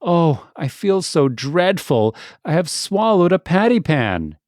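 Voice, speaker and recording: A man's voice: medium pitch, big pitch swings, a little slow, darkish tone, no room sound, clean studio sound. A man voicing an anxious, fussy female dog guest who whimpers and frets. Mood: wailing.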